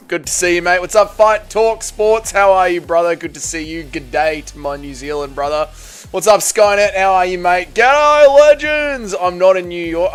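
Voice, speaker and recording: Upbeat Australian man, fairly high voice. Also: a bit bright. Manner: upbeat, greets chat viewers by name, chatty and rambling. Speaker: live stream host. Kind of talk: casual live stream chat.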